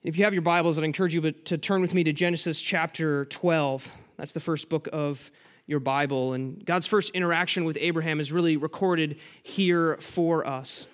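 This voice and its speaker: A man's voice: fairly high pitch, steady tone, moderate pace. A man preaching a conversational sermon to his congregation, with self-deprecating humor and direct questions to the listeners. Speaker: pastor.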